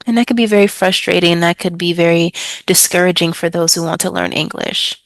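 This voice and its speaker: A woman ESL tutor explaining a trial lesson step by step, slowly over-enunciating example words to model pronunciation. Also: fairly low pitch, no echo. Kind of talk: teaching tips, modeling pronunciation.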